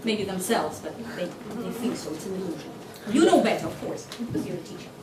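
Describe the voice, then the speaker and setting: A woman training teachers in a workshop lecture, lively and constantly quizzing her audience with quick questions. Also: medium pitch. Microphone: distant mic. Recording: echoey hall from far off, noisy.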